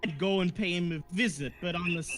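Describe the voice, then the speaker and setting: A man voicing a menacing male mob boss who talks in a slow, threatening drawl with swearing. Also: sits high, a bit bright, soft background music.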